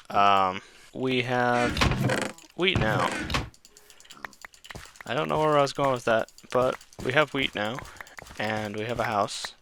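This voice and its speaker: A man's voice: medium pitch, bright, forceful tone, a little hiss or hum. A man casually commenting while playing a building game, rambling, correcting himself and talking to his viewers. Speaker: gaming channel host.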